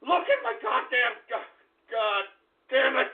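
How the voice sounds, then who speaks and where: A man hosting a radio show, ranting loudly and shouting insults at his callers. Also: very high voice, sing-song, unhurried, breathy edge. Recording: tinny, phone-like radio broadcast audio.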